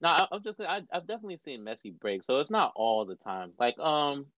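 A man chatting casually about sports as a co-host, relaxed and swearing now and then. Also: on the high side, a little fast, no echo. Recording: slightly muffled dry mic.

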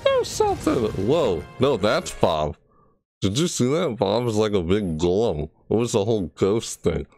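Deep-voiced man rambling through a reaction. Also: lively intonation, moderate pace, darkish tone, no echo, faint music behind. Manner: rambling, self-correcting, breaks into shrieked character impressions. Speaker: gaming video creator. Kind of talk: casual game trailer reaction.

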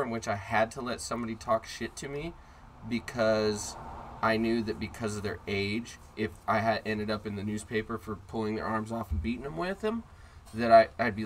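A man hosting a podcast, telling a story in a profane, sarcastic, animated way. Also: lowish voice. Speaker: podcast host. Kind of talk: casual storytelling chat. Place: in a car.

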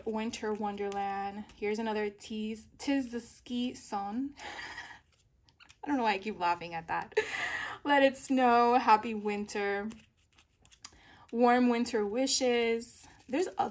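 A woman in a casual craft haul video, reading sticker captions aloud slowly and giggling at the puns. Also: a little high. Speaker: papercraft vlogger.

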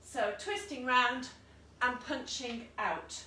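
A woman with a slightly high, sharp-toned voice speaks slowly while guiding an online exercise class, offering encouragement, counting down and chatting in between. She works as a fitness instructor and is at home in a room, a dog nearby. The room echoes, she's heard from a distance, and a faint noise runs underneath.

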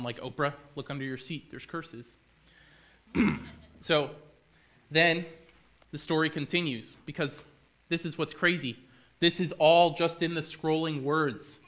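A man giving a relaxed, humorous sermon. His voice is bright and forward, and he keeps turning to jokey asides. His pitch sits in an everyday middle range. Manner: chatty, jokey storyteller with asides. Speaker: pastor. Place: church.

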